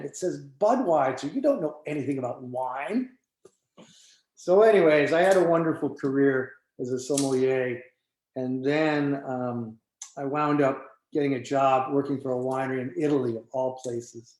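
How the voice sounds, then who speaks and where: Animated older man telling stories in an echoey room. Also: medium pitch, a little slow. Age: 60s. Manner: animated storyteller who acts out quoted dialogue. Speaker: winemaker hosting a tasting. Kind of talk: storytelling at a wine tasting.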